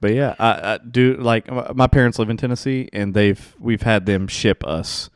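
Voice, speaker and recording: A fairly low-pitched man hosting a podcast, talking in an energetic, rambling way full of restarts. His voice is dry and close to the mic, with no room sound around it. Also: moderate pace, clear, resonant tone, no room sound. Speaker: podcast host. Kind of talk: casual chat.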